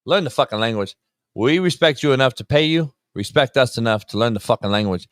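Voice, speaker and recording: A man's voice: medium pitch, animated, a little fast, no room sound, studio quality. A man hosting a live sports talk show, ranting brashly and swearing freely.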